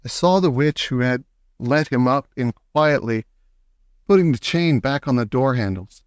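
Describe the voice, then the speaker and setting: A man reading a children's novel aloud with expressive, animated storytelling. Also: mid-range voice, normal speed, smooth, no room sound. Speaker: audiobook narrator.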